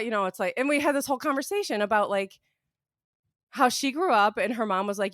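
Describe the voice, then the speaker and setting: Young woman podcast co-host, chatty storyteller, mid pitch, dry sound. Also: brisk, dry recording. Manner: chatty, lots of "like", animated storytelling. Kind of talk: casual podcast chat.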